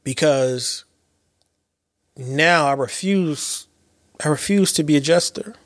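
Male podcast host, late thirties, somewhat high pitch, close dry mic, animated storyteller with loose slang. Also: takes it slowly, no echo. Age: late 30s. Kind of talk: casual reflective monologue.

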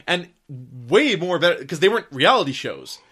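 Bright-voiced man ranting casually. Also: a little high, moderate pace, slightly rough. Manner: rambling, swearing, animated storytelling. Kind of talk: casual chat.

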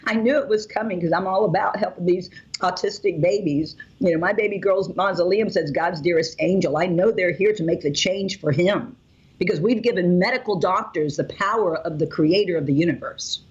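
A woman's voice: on the low side, brisk, darkish tone, breathy edge. Gushing woman on a phone call. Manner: gushing, emotional, rambling. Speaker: mother promoting a health product.

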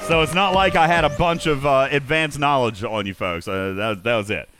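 A man's voice: mid-range voice, moderate pace, music in the background. A man hosting a casual live stream, reading chat aloud and reacting with exasperation. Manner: animated, exasperated, reads chat comments aloud. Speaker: livestream host.

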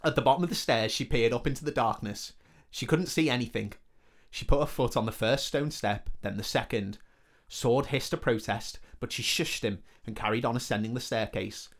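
A man's voice: medium pitch, moderate pace. A man reading a comedic fantasy story aloud in a joking manner. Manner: joking, laughs between lines.

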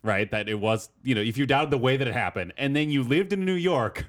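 A man chatting on a casual podcast, his pitch rising and falling in lively swings. He rambles, thinks out loud with plenty of "like" fillers, and laughs easily. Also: brisk.

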